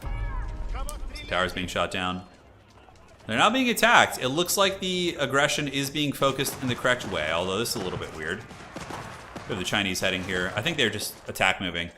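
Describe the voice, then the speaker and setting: A man casually commentating a strategy game on his live stream, rambling and animated with lots of "like" fillers. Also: mid-range voice, normal speed, long pauses.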